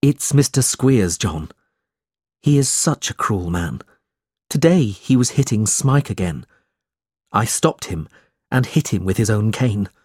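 A man's voice: fairly low pitch, animated, a little slow, pauses often, darkish tone, slightly rough, dry recording, studio quality. A man doing an earnest kind young man.

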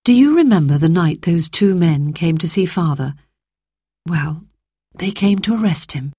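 A woman reading a storybook, voicing a sorrowful mother who speaks quietly and steadily. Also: on the low side, expressive, measured pace, breathy edge, dry recording, studio quality. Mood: sad calm.

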